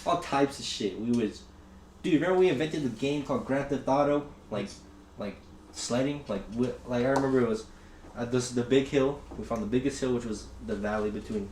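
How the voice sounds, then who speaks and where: A man's voice: medium pitch, a little fast. Young male podcast host, rambling profane storyteller, roomy echo, faint hiss. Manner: rambling, profane, acts out quotes loudly. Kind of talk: casual storytelling chat. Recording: echoey room with faint noise.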